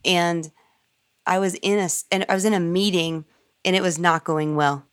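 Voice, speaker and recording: A woman's voice: fairly low pitch, steady tone, clean tone, no echo, studio quality. A woman sharing a personal story in an earnest, emotional way during a conversation. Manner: earnest, emotional, quick bursts.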